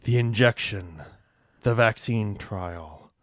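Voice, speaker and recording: A man voicing a huge, tender virus creature in a comic story reading, answering slowly and softly. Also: fairly low pitch, dry recording, studio quality. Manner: slow, soft, calm replies. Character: huge, sad-eyed virus-man, soft-spoken and tender.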